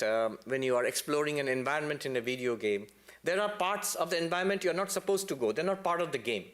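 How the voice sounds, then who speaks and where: A man giving a spiritual lecture to a temple congregation, telling stories in a lively way with playful asides and sudden high, emphatic peaks.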